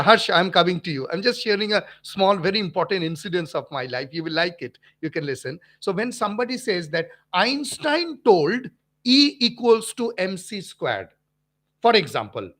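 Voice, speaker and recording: Man, Indian English accent, high-pitched, physics teacher, livestream Q&A, emphatic, repeats himself, lots of fillers. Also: a bit bright. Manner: emphatic and repetitive, with frequent fillers and restarts. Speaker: physics teacher and channel host. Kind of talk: livestream talk answering viewer comments.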